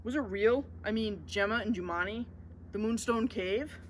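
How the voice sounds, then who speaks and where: A woman's voice: mid-range voice, moderate pace, slight background noise, lightly acted. A woman voicing an earnest, curious young boy, the middle brother in a storybook. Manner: earnest, questioning.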